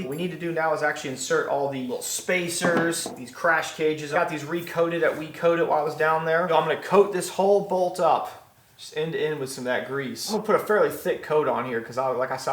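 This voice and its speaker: A man talking casually through a motorcycle repair in his garage, chatty and quick to correct himself. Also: fairly high pitch, roomy sound. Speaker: motorcycle vlogger. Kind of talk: casual workshop how-to. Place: garage workshop.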